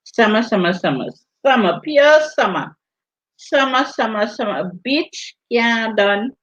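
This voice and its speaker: A woman with a Virgin Islands accent chats through a casual livestream and reads out viewer comments. She speaks in a slow, drawn-out way. Her audio sounds dull and lo-fi. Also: fairly high pitch, lively intonation, a bit bright. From US Virgin Islands (St. Thomas). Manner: unhurried, drawn-out delivery while reading viewer comments. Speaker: livestream host.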